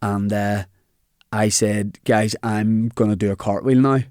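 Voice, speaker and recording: A man's voice: fairly low pitch, unhurried, no room sound, studio quality. A young man with a Northern Irish accent, a comedian telling a funny story in casual chat. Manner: animated anecdote telling with quoted dialogue. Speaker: comedian guest.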